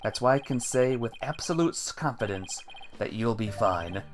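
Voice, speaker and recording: A man playing a calm, reassuring mentor. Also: mid-range voice, soft background music, close to an everyday voice. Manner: calm, steady, measured. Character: calm older male mentor lawyer, reassuring.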